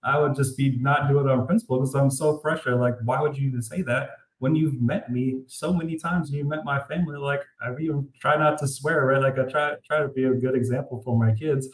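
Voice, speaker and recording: Animated storytelling man, echoey room. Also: mid-range voice, fairly quick, few pauses. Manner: animated, says "like" often, incredulous. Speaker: author guest. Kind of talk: casual storytelling interview. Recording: roomy echo.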